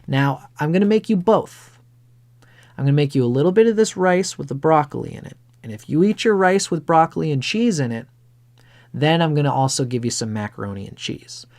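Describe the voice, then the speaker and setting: A gentle, patient mother, as a man puts her on in a told story, speaking in a soft, soothing, coaxing way. The voice stays close to his own, with only a light lift in tone. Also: fairly high pitch, animated, fairly quick.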